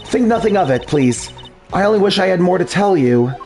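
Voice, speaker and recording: A gentle, apologetic young woman as a man puts her on, her voice raised a bit and very lively in pitch. She speaks softly and earnestly, with polite, shaken phrasing, in a fan dub of a game. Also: a little fast, soft background music.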